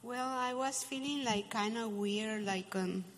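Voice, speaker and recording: An older woman recalling events in a hesitant, halting way, with many fillers. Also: fairly high pitch, big-room sound, slight background noise. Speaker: guest. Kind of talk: casual recollection.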